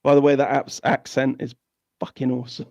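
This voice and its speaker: A man hosting a news commentary, ranting angrily with profanity, repetition and halting restarts. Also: medium pitch, flat delivery, vocal fry, warm tone, highs cut off. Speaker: host.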